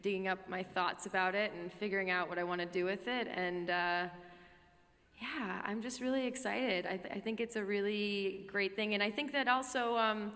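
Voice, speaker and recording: A woman's voice: medium pitch, fairly even intonation, moderate pace, a bit bright. A woman actress answering a fan question on a panel, thoughtful and hesitant, with many fillers. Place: large convention hall. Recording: echoey convention hall.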